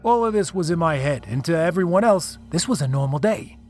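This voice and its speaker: A man's voice: fairly high pitch, animated, a little fast, darkish tone, soft background music. A man reading a first-person story aloud, telling it dramatically and with emotion. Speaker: narrator. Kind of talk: first-person scripted narration.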